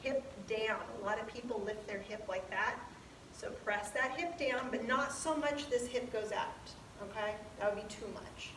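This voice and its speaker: A woman teaching ballet terms, talking slowly, repeating each term while she demonstrates in a dance studio. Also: on the high side, noisy background. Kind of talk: ballet lesson. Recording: echoey room from a distance.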